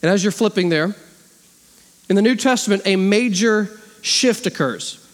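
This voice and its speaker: A man preaching a sermon as a pastor, animated, acting out the voices he quotes. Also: high-pitched, normal speed. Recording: long hall reverb.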